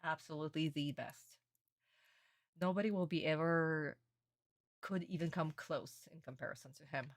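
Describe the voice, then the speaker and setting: A young adult woman streamer chatting casually and excitedly, laughing and swearing as she reacts. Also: low voice, moderate pace, pauses often, no room sound.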